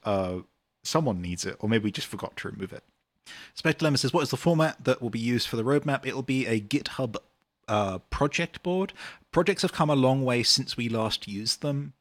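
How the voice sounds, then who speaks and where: A man's voice: fairly low pitch, a bit bright, dry recording. A British man, a game developer, answering chat questions in a rambling, casual livestream Q&A full of ums and uhs.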